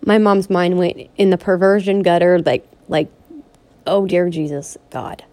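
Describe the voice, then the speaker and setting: A woman's voice: on the low side, unhurried, darkish tone. A woman vlogger ranting in a personal vlog, pleading and upset, repeating herself and restarting her sentences. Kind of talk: emotional personal vlog rant.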